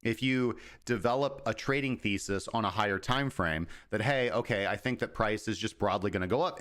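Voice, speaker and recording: A man hosting a casual crypto livestream, speaking at a mid-range pitch. He explains at length in an informal, talky way. Now and then he slips into quick imitations of traders' thoughts. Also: a bit bright. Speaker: crypto market analyst, host. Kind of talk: casual livestream market commentary.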